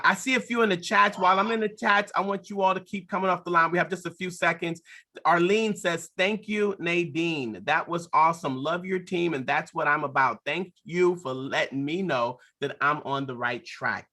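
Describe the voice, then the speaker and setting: Bright-voiced enthusiastic man hosting a call. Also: fairly high pitch. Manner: enthusiastic, warm-hearted praise, calls on speakers. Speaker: host. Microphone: video call.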